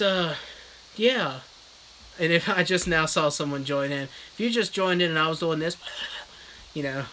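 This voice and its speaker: A man's voice: fairly high pitch, sharp tone, a little hiss or hum, poor audio. A man casually recapping a book in a comic, rambling, crude manner as a live streaming reviewer.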